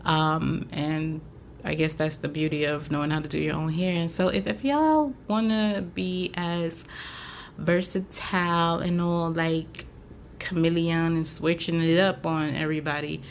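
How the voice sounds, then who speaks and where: On her relaxed chat show, a Haitian podcast host who also braids hair speaks in a low, even tone at a measured pace. She rambles in a chatty way, using many fillers, against slight background noise.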